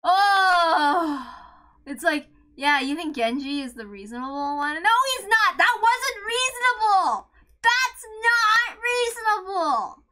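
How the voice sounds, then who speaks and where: High, bright upset woman ranting. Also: big pitch swings, slow. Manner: ranting, swears, shouts and voice cracks. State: upset, close to tears. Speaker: channel host reading a visual novel aloud. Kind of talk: emotional reaction rant.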